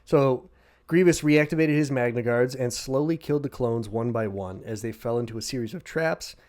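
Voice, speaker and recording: A man co-hosting a casual podcast, recapping a story over beers with heavy swearing. He jumps into quick shouted impressions. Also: mid-range voice. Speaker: podcast co-host.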